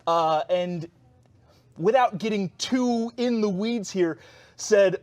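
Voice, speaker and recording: A man co-hosting a studio chat show, wry and quick to tell a story. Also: high voice, dry recording. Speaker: co-host.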